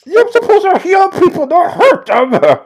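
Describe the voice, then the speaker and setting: Guy doing a scared gang thug, whiny and defiant, pitch jumping all over. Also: big pitch swings, measured pace, a little hiss or hum, heavily acted. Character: cornered young male street gang thug.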